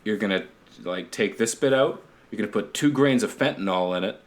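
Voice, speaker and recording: A man voicing a gruff male Italian mob boss, with a mock accent that keeps slipping. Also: fairly low pitch, fairly quick, close to an everyday voice. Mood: bossy.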